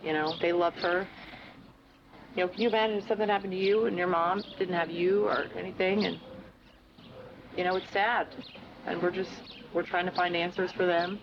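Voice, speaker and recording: A woman's voice: on the low side, steady tone, normal speed, pauses often. A woman investigator in a police interview, pressing persuasively and appealing to empathy. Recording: dull archival footage with noise.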